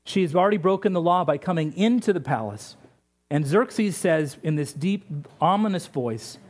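A male pastor with a high-pitched voice, preaching. He retells a story with humorous asides. His delivery is lively storytelling. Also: moderate pace. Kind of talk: sermon.

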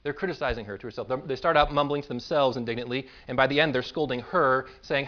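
A man's voice: mid-range voice, fast, few pauses, pushed and bright, dull audio. A male pastor preaching a sermon, emphatic and self-deprecating, stacking words up to a point. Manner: emphatic, building lists to a peak, with self-deprecating humor.

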